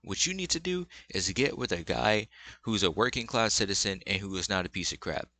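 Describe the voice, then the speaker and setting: A man's voice: on the low side, lively intonation, a little fast, pushed and bright. A young man giving blunt, rambling relationship advice in casual, slang-filled commentary.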